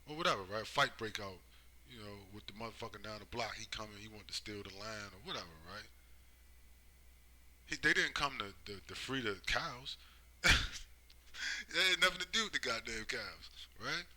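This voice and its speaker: A man's voice: mid-range voice, bright, forceful tone, rough recording. A man giving a rambling, profane monologue, driving his points home with constant tag questions. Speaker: commentator. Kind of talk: casual monologue.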